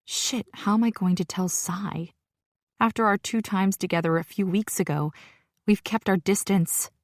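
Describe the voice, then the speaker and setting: A woman's voice: mid-range voice, normal speed, no room sound, clean studio sound. A woman narrating a romance audiobook in first person, telling the story in an intimate, inward way.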